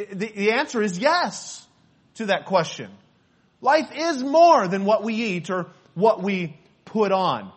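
A pastor preaching a sermon, earnest and repetitive, quoting scripture between his own points. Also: high voice. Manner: earnest preaching, repeats phrases, quotes scripture.

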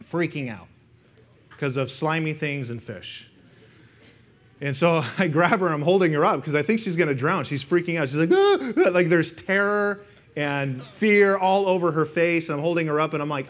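A middle-aged man preaching a sermon in a church, speaking casually with personal stories and talking straight to the congregation. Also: fairly high pitch. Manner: conversational, anecdotal, speaks directly to the congregation. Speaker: pastor. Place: church sanctuary.

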